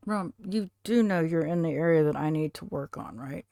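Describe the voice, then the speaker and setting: A woman streaming from home, chatting casually and rambling to her viewers, now and then cooing softly to her cat. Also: deep voice, normal speed, gravelly, no room sound, clean studio sound.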